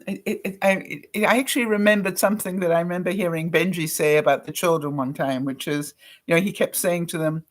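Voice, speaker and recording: An older woman from Canada, a vlogger telling a personal story in a chatty way, laughing often and acting out the lines of the people she quotes. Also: fairly low pitch. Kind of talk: casual storytelling to camera.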